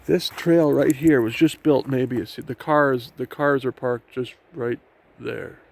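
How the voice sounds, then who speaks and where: A man's voice: medium pitch, fairly even intonation, slow pace, creaky, a little mellow. A man casually narrating a walk along a forest trail by a river, rambling with fillers and restarts. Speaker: vlogger. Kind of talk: casual walking tour narration. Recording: noisy outdoor sound with wind and river.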